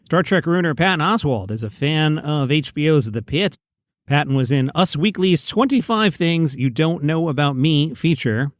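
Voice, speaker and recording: A man's voice: fairly high pitch, animated, normal speed, no room sound, studio quality. A man with a Queens, New York accent hosting a comedy news show, delivering headlines with wry, sarcastic asides. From New York City. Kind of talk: casual comedy news monologue. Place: outdoors by a pool.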